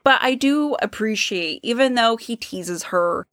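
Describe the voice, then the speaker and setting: A woman's voice: fairly high pitch, animated, unhurried, fairly bright tone, dry recording, clean studio sound. A woman co-hosting a book podcast, chatting casually in a thoughtful, analytical way. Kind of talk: casual chat.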